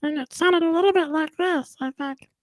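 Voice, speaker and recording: A man putting on the high, throaty voice of a cartoon little boy, rambling and repeating his words. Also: moderate pace, no room sound, poor audio. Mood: chatty. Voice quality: throaty, strained. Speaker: host.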